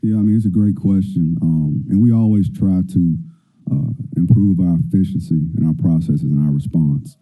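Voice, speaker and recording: Deep-voiced fire official, tinny sound. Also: male voice, soft background music. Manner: measured, explanatory. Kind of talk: answering questions at a budget hearing. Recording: tinny phone-like meeting audio.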